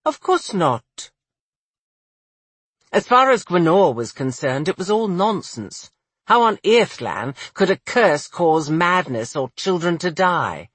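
An audiobook narrator reading a fantasy novel in a measured, expressive way. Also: medium pitch, slightly rough, dry recording. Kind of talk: scripted narration.

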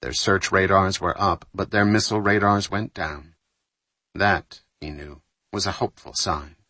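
A man reading a thriller audiobook aloud in a measured, steady narration, lightly voicing the dialogue. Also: low-pitched, no room sound.

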